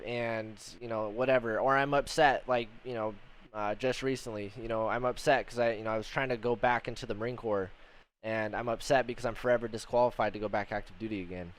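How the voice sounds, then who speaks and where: Young male host, smooth clear voice, blunt and profane, lots of "you know". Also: medium pitch. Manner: blunt, heavy swearing, many fillers. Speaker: podcast host, Marine veteran. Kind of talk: casual livestream chat.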